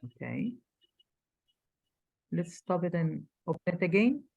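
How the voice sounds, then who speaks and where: Egyptian woman teaching English, lively pitch. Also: gravelly, dull audio. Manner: switches fast between Arabic and slow careful English. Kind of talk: online class teaching, mixing Arabic and English.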